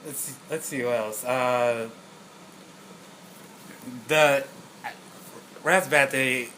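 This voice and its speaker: Laid-back man with a bright voice. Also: medium pitch, steady tone, slow, slight background noise. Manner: laid-back, swears casually, hesitant fillers. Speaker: podcast co-host, film reviewer. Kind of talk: casual movie review chat.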